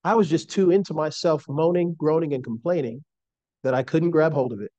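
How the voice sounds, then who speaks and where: Male preacher, middle-aged, earnest and emphatic, slightly high, dry sound. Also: mellow, dry recording, muffled recording. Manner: earnest, slow emphatic delivery. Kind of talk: sermon.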